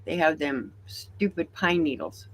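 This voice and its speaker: A man's voice: fairly high pitch, animated, unhurried, fairly bright tone. A man co-hosting a casual livestream chat, dry and brief in his remarks.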